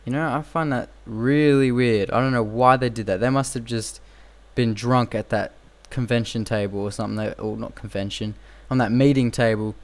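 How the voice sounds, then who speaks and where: A man's voice: medium pitch, steady tone, moderate pace, few pauses. Rambling young man commentating a game. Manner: rambling and repetitive, with frequent fillers. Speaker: gameplay commentator.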